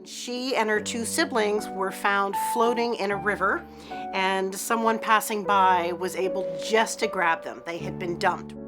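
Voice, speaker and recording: Woman, rescue director, mid-pitch, informative interview over background music. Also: unhurried. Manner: steady, informative. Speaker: executive director of an animal rescue. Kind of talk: documentary interview.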